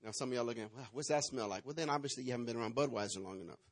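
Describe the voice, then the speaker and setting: A man's voice: medium pitch, rapid-fire. A man preaching a sermon, telling a playful, dramatic story and acting out the parts. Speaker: pastor.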